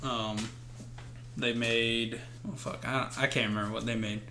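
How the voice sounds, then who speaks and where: A man's voice: medium pitch, level tone, measured pace, bright, forceful tone. A man co-hosting a podcast in casual chat, rambling and hesitant with lots of fillers. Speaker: podcast co-host.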